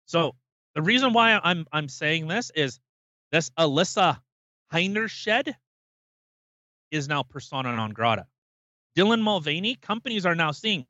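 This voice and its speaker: A man's voice: a little high, animated, measured pace, pauses often, bright, forceful tone, dry recording, highs cut off. A man co-hosting a podcast, ranting emphatically and swearing freely in casual chat. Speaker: podcast co-host.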